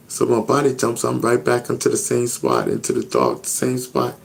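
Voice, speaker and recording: A man's voice: fairly low pitch, expressive, moderate pace, creaky. A man telling a personal story in a casual interview, earnest and repetitive, often checking in with "you know what I mean?". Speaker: interview guest.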